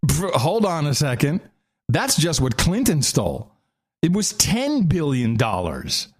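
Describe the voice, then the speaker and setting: A man's voice: fairly high pitch, huge pitch swings, unhurried, slightly rough. A man co-hosting a talk show, sarcastically mocking news clips and echoing their words. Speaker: podcast co-host. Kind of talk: mocking commentary over played clips.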